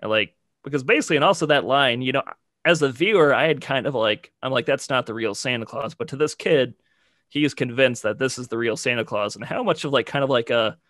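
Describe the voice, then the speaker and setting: A podcast co-host talks fast in a mid-range, fairly bright voice, rambling through casual chat full of "like" and "you know." The recording is dry and clean, studio quality.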